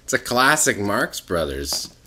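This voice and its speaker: A man's voice: lowish voice, very animated, a little slow, sharp tone. A man co-hosting a casual word-game chat, playful, laughing often and tripping over his words. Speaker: co-host.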